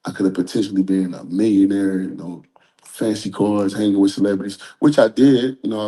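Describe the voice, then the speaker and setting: A man with a somewhat low, warm and mellow voice talks openly in a casual interview. He rambles a little, circling back with fillers, and stays earnest throughout. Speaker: interview guest.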